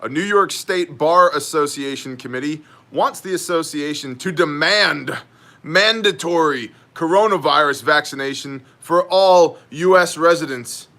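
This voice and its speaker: A man's voice: fairly high pitch, measured pace, bright, forceful tone. A man hosting a daily news brief in casual style, sardonic and joking as he reads chat comments aloud.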